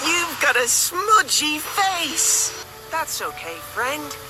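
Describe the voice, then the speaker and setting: A woman voicing a cute, cheerful little steam engine boy in a high, sing-song, drawn-out voice, with a noisy hiss behind. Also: very animated, loud music behind the voice, full character voice.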